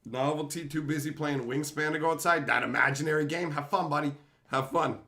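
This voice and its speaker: A man hosting his channel, ranting angrily and profanely, swinging from shouting to low muttering. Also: fairly even intonation, a little fast, echoey room. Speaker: channel host. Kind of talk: angry rant to camera.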